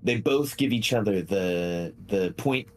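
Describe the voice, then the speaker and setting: A man's voice: lowish voice, expressive, a little slow. A man narrating as game master in a tabletop game, loose and descriptive. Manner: loose, descriptive, with filler sounds.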